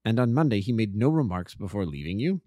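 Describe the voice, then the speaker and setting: A keen, analytical detective, read by a male narrator, measured and probing as he reasons aloud. His voice is dark and mellow, moves with a lively rise and fall, and comes at a brisk clip. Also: on the low side, dry recording, clean studio sound. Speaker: amateur narrator. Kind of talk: audiobook character reading.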